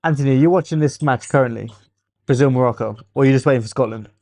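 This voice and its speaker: A young man with an English accent hosting a casual football watchalong stream, teasing viewers and thinking out loud. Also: mid-range voice, rapid-fire, no echo, clean studio sound.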